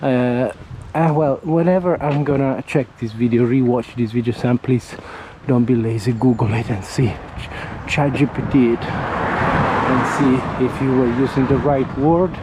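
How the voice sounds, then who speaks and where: An Italian man with an Italian accent chats casually for a walking vlog, speaking into a camera mic held near his face on a windy street. His mid-range voice stays steady, he often pauses to hunt for words, and faint wind and traffic drift in.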